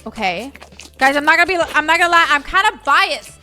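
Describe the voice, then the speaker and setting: A bubbly young woman chatters through her gameplay in a very high, bright voice, full of gasps of "oh my gosh" and filler "like"s. Soft music plays behind her. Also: fairly quick. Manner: bubbly, excitable, lots of "oh my gosh" and "like". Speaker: gaming YouTuber. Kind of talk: casual gameplay commentary.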